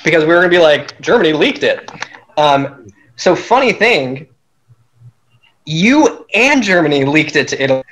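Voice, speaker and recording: Animated man recapping a game, higher voice. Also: moderate pace, long pauses, low-quality recording. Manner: animated storyteller, laughs at his own schemes. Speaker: Diplomacy player recapping a game. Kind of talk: casual game recap chat.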